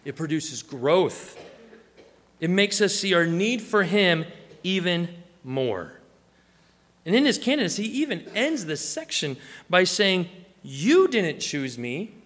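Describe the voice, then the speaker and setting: A man's voice: high-pitched, sing-song, unhurried, a bit bright, long reverb tail. A man preaching a sermon, telling stories and acting out the voices he quotes. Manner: storytelling, acts out quoted voices. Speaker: pastor.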